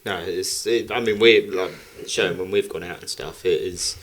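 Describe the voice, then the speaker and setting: A very deep-voiced man hosts a podcast in a casual, blunt way, swearing freely. A faint hiss of noise sits under his voice. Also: moderate pace, fairly bright tone. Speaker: podcast host.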